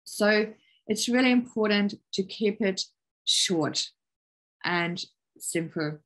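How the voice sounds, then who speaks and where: A middle-aged woman giving a parenting webinar over a video call, calm and encouraging, explaining with everyday examples. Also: mid-range voice, takes it slowly, low-quality recording. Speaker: parenting workshop presenter. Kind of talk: webinar presentation.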